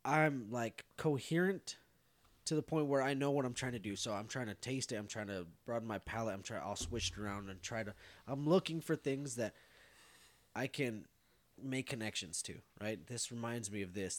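A man's voice: mid-range voice, no room sound. A man casually telling a story to friends on a podcast, rambling, swearing and laughing. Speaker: podcast co-host.

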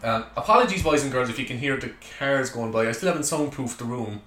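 A man's voice: medium pitch, expressive, fast, a bit bright. An Irish man hosting a solo comedy podcast, ranting chattily with lots of joking asides, recorded in a small room at home. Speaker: podcast host. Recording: echoey room.

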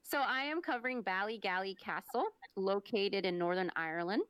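A young woman co-hosting a podcast chats and tells stories in a giggly, playful way, reading out her research notes. Her mid-range voice is smooth and fairly bright at a normal speed, with no room sound.

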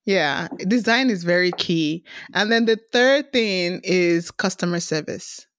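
A woman's voice: fairly low pitch, a little slow, no room sound, clean studio sound. A woman hosting a casual podcast chat, talking animatedly and acting out cheerful customer-service messages. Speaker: podcast host.

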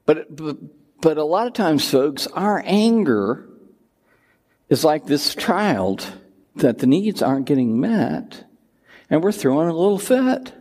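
An older man preaching a sermon as pastor, in a conversational, animated delivery with personal asides. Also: on the high side, takes it slowly, long reverb tail.

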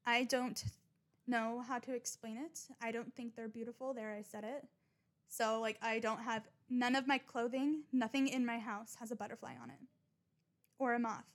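Her fairly high, steady voice moves at a normal pace as this young woman, a podcast host, confesses her strange habits in a loose monologue. She's blunt and rambling, with frequent swearing and plenty of self-mockery.

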